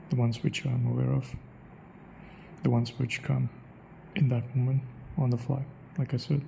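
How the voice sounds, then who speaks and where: A young man vlogs his accent practice, casually thinking out loud and trying phrases over and over. His medium-pitched voice has vocal fry and is a little mellow, in a rough recording with slight background noise.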